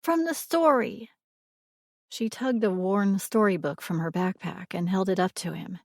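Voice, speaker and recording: A woman reading a romance audiobook in a measured, expressive way. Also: lowish voice, gravelly, no room sound, studio quality. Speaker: audiobook narrator. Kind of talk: scripted romance narration.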